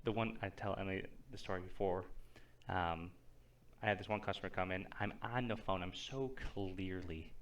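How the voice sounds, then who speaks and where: A man's voice: deep voice, normal speed, slight background noise. A young man co-hosting a podcast in casual chat, telling rambling stories and acting out what people said. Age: young adult. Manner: rambling storyteller, animated retellings. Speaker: podcast co-host.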